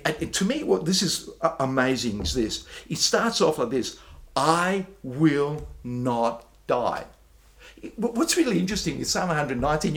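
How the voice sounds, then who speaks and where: Male pastor, a bit high-pitched, emphatic sermon delivery with stammered repeats. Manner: emphatic, repeats words when excited, slows down for declarations.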